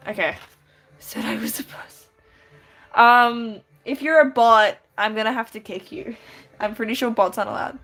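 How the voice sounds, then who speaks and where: Woman streamer, slightly high voice, giggly and chatty, draws while she talks to chat. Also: normal speed, fairly bright tone. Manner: giggly, chatty, reads chat aloud and answers with many restarts. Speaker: live-streaming artist. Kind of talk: casual live-stream chat while drawing.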